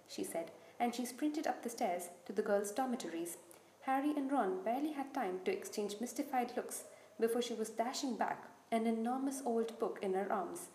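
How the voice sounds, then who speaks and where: Lady reading a storybook out loud, bit high, soft mellow tone, echoey room. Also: normal speed, slight background noise. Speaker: audiobook narrator. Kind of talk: scripted narration.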